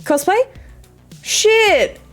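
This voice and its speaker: A young woman streaming a game, chatting excitedly with chat and swearing freely. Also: very high voice, extremely slow, soft background music. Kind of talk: casual live-stream chat.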